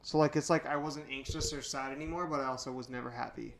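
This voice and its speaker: A man's voice: medium pitch, steady tone, fast talker, creaky. A young man talking candidly in a casual podcast chat, rambling with lots of fillers. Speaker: podcast guest.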